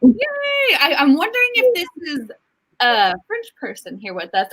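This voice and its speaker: A bubbly woman hosts a casual livestream, greeting viewers with frequent giggles. Her voice sits high and swoops about, with a bright edge. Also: huge pitch swings, normal speed, poor audio. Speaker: livestream host.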